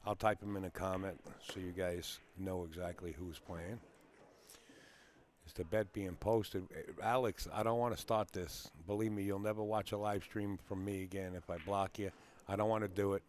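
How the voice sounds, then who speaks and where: Chatty man with a very low voice. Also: steady tone, normal speed. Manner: chatty, rambling, greets viewers by name. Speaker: live stream host. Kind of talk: casual live-stream chat. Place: pool hall.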